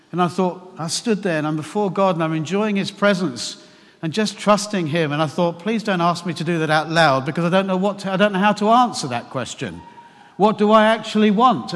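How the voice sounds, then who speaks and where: A man preaching a sermon to his church, telling a personal story with animated, emphatic questions. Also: sits high. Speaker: pastor. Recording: long hall reverb.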